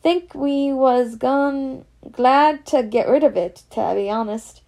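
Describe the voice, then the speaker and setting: Woman reading a part as a gruff Scots gamekeeper, big and kindly, raised pitch, some gravel. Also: takes it slowly, dark tone, exaggerated voice. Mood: offhand. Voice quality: Scots dialect words, gruff and drawn out.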